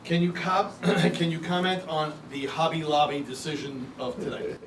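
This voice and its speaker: A man reading out questions in a matter-of-fact way, heard from across a roomy hall. His voice sits at a middle pitch, with faint noise around him. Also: normal speed. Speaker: question moderator. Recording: echoey room, far from mic, faint noise.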